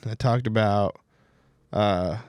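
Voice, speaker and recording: Unhurried male co-host, hesitant delivery, dry close sound. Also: fairly low pitch, a little mellow, clear, resonant tone, dry recording. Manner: hesitant, halting, filler-heavy, breaks into silly voices. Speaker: podcast co-host. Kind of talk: casual comedy chat.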